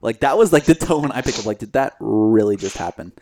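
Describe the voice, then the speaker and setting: A young man in a casual hockey chat, excitable and animated, laughing often and speaking with many fillers. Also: on the low side, a little fast. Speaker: podcast co-host.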